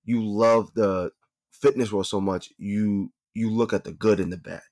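A man's voice: fairly low pitch, steady tone, unhurried, darkish tone, no echo, studio quality. A male podcast co-host chatting casually, often chiming in with short agreeing replies.

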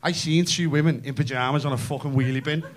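Brash, high-voiced Scouse comedian. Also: male voice, fairly even intonation. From Liverpool, England. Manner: brash, sweary, fast storytelling. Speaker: stand-up comedian. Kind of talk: stand-up comedy. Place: comedy club stage.

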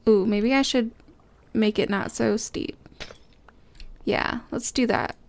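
A young woman giving casual let's-play commentary as a gaming host, bubbly and chatty, talking to the game characters and breaking into excited squeals. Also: a little high, slow, vocal fry, pauses often.

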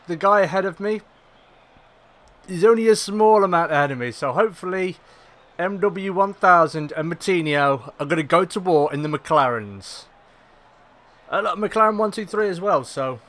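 A young man giving excitable live commentary on a racing game, swearing whenever things go wrong. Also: on the high side. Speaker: gaming YouTuber.

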